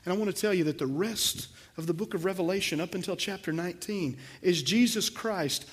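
A man's voice: sits high, a little fast, slightly rough. A man preaching a sermon to his congregation, emphatic, with swells in volume and repeated words. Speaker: pastor.

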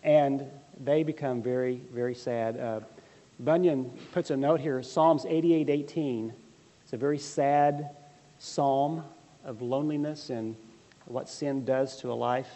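Mellow-voiced man teaching a Bible class. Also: mid-range voice, fairly even intonation, measured pace, long reverb tail. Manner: conversational, asks the audience questions, wry asides. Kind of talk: teaching a class, retelling a story.

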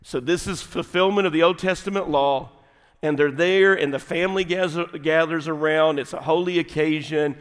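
Middle-aged man preaching a folksy sermon, voice on the higher side, long church reverb. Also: moderate pace, clear, resonant tone. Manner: folksy, animated storytelling with sudden drops to quiet, intimate delivery. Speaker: pastor. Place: large church sanctuary.

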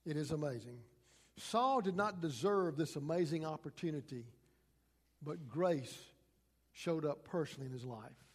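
A man's voice: fairly high pitch, lively intonation, moderate pace, husky. A man preaching a sermon, reading scripture aloud dramatically and acting out the quotes. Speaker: pastor. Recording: long hall reverb.

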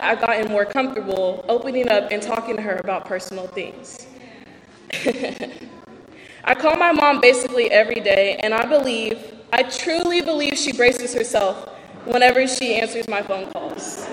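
A young woman reads aloud a personal talk on faith, an earnest and candid testimony in which she pokes fun at herself. Her slightly high voice moves at normal speed and rings through a large hall with long, echoing reverb, plus a little hiss or hum.

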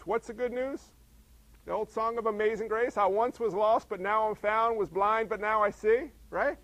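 A man's voice: very high voice, dry recording, low-quality recording. A middle-aged male pastor preaching a sermon in a conversational way, firing off rhetorical questions.

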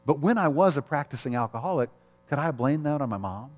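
A man's voice: mid-range voice, animated, fast talker. A middle-aged man, a pastor, preaching a sermon in a candid, conversational way, telling personal stories and often chuckling. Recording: long reverb of a large hall.

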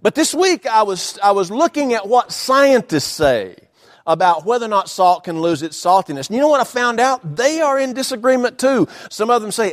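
A man preaching a sermon from the pulpit of a church, using dramatic pauses, emphatic repetition and folksy humor. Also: sits high, expressive. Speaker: pastor. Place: church sanctuary.

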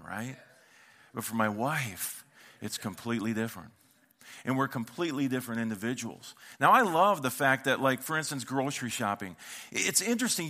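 A man's voice: medium pitch, pushed and bright. A middle-aged male pastor giving a conversational sermon, telling funny stories and acting out both sides of a dialogue. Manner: humorous storytelling, acts out dialogue.

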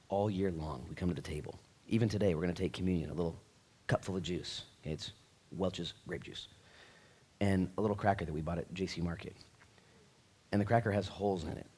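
A man preaching a sermon at a church service in a jokey, conversational way, swinging from quiet asides to loud, excited bursts. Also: on the low side. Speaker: pastor.

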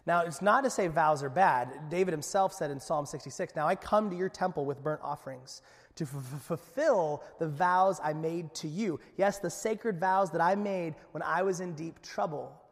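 A man, a pastor, preaching a conversational sermon with lively asides. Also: on the high side, moderate pace, vocal fry. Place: church sanctuary. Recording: long echo of a church hall.

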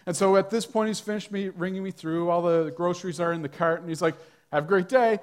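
Man preaching, high voice, chatty storytelling, light humor, sermon to a congregation. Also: little pitch movement, quick pace, smooth. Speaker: pastor. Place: church, speaking to a congregation.

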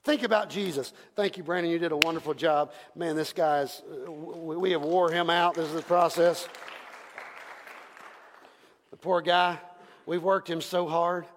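A man preaching a sermon as pastor, impassioned, swinging from hushed passages to shouted ones. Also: fairly high pitch, fairly even intonation, moderate pace, crowd noise, background noise. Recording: long reverb from a large hall.

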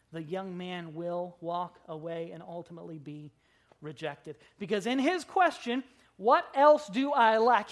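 In a church, a pastor delivers an expository sermon to the congregation. The delivery is dramatic, sprinkled with humorous asides, swinging from loud emphasis to hushed, low lines.

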